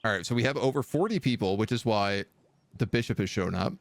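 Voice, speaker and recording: A man's voice: fairly low pitch, quick pace, vocal fry, no room sound. A man giving casual, wry live commentary while he plays a strategy game, chatting and thinking aloud. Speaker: streamer playing a kingdom sim. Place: living in Quebec.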